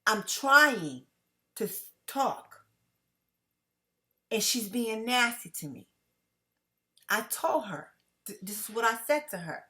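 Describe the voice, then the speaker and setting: A tired woman talking fast and emphatically to her viewers in a casual vlog monologue, often checking in with "okay?". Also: a little high, animated, bright, forceful tone. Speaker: vlogger.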